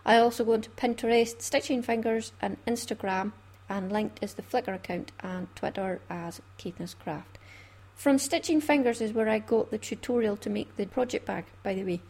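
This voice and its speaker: Scottish lady chatting on her craft podcast, breathy voice, laughs a lot. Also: medium pitch, moderate pace, darkish tone. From Scotland. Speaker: podcast host. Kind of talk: casual chat.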